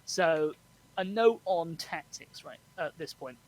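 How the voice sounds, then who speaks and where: A man hosting a podcast, explaining history in a relaxed chat with frequent laughs. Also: on the high side, slow pace, rough recording. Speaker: podcast host. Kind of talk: casual storytelling chat.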